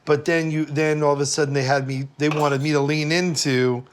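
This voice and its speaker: A man from Brooklyn with a fairly high voice talks as a guest in a casual chat. He is animated and often slips into mock voices. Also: fairly quick, clear, resonant tone. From Brooklyn, New York.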